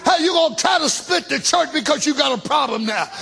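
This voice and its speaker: A male preacher shouts a sermon in plain, folksy speech, dropping hallelujahs between lines. His voice is very high and gravelly, with a sharp, bright edge. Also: lively intonation, brisk, soft background music. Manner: shouting, call-and-response hallelujahs.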